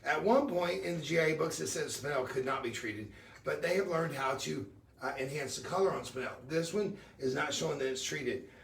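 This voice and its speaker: A man's voice: fairly high pitch, brisk, gravelly, a bit bright, roomy sound, distant mic. A middle-aged man hosting a live jewelry sales stream, chatty and upbeat, weaving in personal stories. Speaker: shopping channel host.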